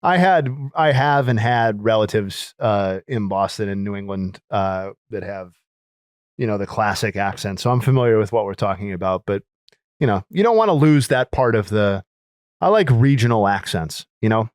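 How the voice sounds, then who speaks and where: A man's voice: fairly low pitch, lively intonation, normal speed, no echo, studio quality. A man co-hosting a podcast, easygoing, asking follow-up questions and musing casually. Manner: easygoing, prompting questions and short agreements. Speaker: podcast co-host. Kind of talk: casual chat.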